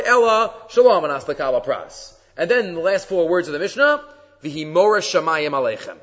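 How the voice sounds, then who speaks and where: A man's voice: fairly high pitch, fairly bright tone. A male rabbi gives a Torah lecture. He reads verses, translates them and poses rhetorical questions to his listeners. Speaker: rabbi teaching weekly Torah class. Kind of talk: Torah lecture, explaining sources. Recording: dull lo-fi sound with long reverb.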